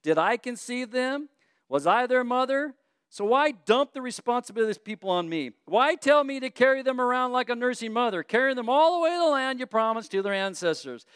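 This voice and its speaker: A man's voice: very high voice, lively intonation, fairly quick, a bit bright, clean tone, no room sound, clean studio sound, voice pushed up. A man voicing Moses as an exasperated, weary leader complaining to God.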